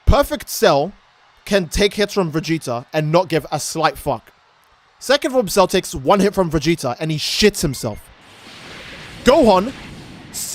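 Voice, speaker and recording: A man's voice: high voice, a little hiss or hum. A man streaming a game, ranting and swearing in casual commentary while answering chat. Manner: profane, ranting, animated.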